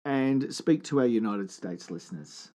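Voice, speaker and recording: An Australian man co-hosting a casual podcast, teasing and joking his way through the chat. His pitch sits in an ordinary middle range for a man, and his delivery is loose, playful and full of banter. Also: animated, measured pace, mellow. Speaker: podcast co-host.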